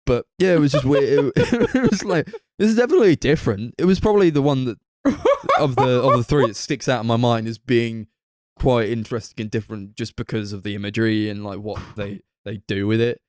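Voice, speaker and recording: Excitable sweary guy rambling. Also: mid-range voice, a little fast, no echo, studio quality. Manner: rambling, excitable, swears a lot, laughs often. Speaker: podcast co-host. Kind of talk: casual chat.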